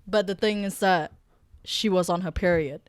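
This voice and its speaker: Woman from Malaysia, lowish voice, dry sound, candid and chatty. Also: normal speed, clean tone, dry recording. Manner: candid, laughs often. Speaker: photographer, guest. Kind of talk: casual chat.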